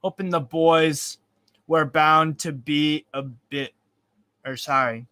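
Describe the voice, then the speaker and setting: A young man hosts a live football watchalong, rambling casually, swearing freely, and reading out the chat. His fairly high voice is bright and forceful, with a steady tone and slow pace, and there's no echo.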